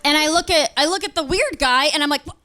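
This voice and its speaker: A young woman doing stand-up comedy on stage in front of a live audience. She tells a story and acts out customers and bosses in quick quoted voices. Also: high voice, sharp tone, slight background noise.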